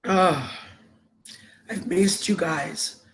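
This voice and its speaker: A woman's voice: fairly low pitch, very slow. A woman hosting a casual live stream, congested and sniffly with a cough, greeting viewers with endearments over a laptop microphone.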